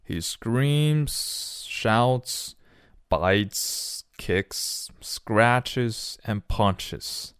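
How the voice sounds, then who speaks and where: A defeated storybook father, as a man reads him out, speaks in a hushed whisper and a tired groan. He sounds spent and close to the mic. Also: mid-range voice, lively intonation, extremely slow, clean tone, no room sound. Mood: exhausted. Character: exhausted, defeated father of a wild boy. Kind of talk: storybook reading.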